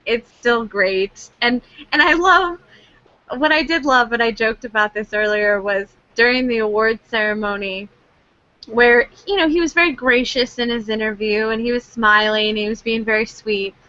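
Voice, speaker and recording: Bubbly high-voiced woman co-host. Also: normal speed, dry recording, dull audio. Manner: animated, laughing, acts out quoted reactions. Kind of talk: casual chat.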